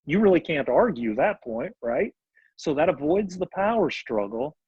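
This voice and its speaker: A man with a slightly high, husky voice talks as a therapist guest on a podcast. He speaks reflectively and slows down to stress key ideas. The sound is dry and a little dull, like a lo-fi remote recording. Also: very animated, no room sound. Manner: reflective, thoughtful, slows down for emphasis. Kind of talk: podcast conversation.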